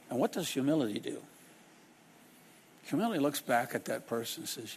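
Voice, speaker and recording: A man preaches a sermon, his voice rising and falling with lively swings in pitch. He is dramatic and stops now and then to act out the people in his stories. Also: moderate pace, a little hiss or hum. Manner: dramatic, acts out quoted people in shifting voices.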